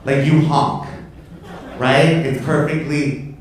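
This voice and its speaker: A man's voice: fairly high pitch, fairly even intonation, takes it slowly, distant mic. A man doing a stand-up set on a comedy club stage, brash, profane and camp, teasing the crowd. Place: comedy club stage before a live audience. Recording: echoey club, mic from afar, audience laughter.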